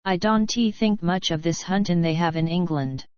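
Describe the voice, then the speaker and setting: A woman voicing a rough, blunt middle-aged male outback cattleman in an audiobook, speaking in a broad rustic bush drawl with dropped endings. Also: fairly low pitch, normal speed, darkish tone, dry recording, highs cut off, close to an everyday voice. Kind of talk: audiobook character reading.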